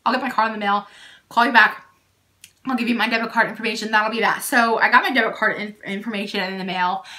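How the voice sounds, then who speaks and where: A young woman telling a storytime vlog, indignant and animated, peppering her speech with "like". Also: mid-range voice, fast. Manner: animated and indignant, heavy use of "like". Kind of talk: storytime vlog, casual retelling.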